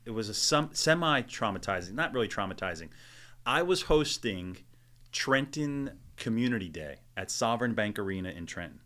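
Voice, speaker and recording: A man with a fairly low voice and a bright, forceful edge to it, speaking as a guest on a casual podcast. He tells stories with animation and slips into the voices of the people he quotes. He sounds middle-aged. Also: moderate pace. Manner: animated storyteller, acts out quotes. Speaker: stadium public address announcer, podcast guest. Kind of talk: casual storytelling interview.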